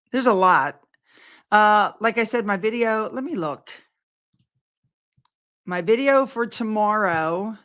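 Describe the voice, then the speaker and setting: A woman's voice: mid-range voice, clear, resonant tone. An older woman vlogging from home, talking straight to her viewers. She rambles from one thing to the next with effusive enthusiasm, keeping everything loose and casual.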